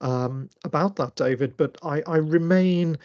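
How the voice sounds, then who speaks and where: A man's voice: fairly high pitch, measured pace, darkish tone, dull audio. A man giving an online masterclass talk and answering questions on a video call, thinking aloud with many fillers and restarts. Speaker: lecturer.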